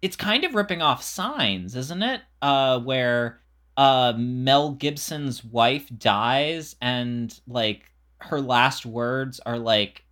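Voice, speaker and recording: A man co-hosting a casual movie chat, wry and halting, stopping and restarting his sentences. His voice is bright and forward, sitting at an ordinary pitch for a man. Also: lively intonation. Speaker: podcast co-host.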